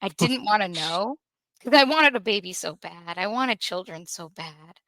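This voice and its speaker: A woman telling a painful personal story in an emotional, earnest way, pausing and restarting as she holds back tears. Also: medium pitch, animated, bright, forceful tone, dry recording. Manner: earnest, halting, with restarts and pauses. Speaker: podcast guest sharing a personal story.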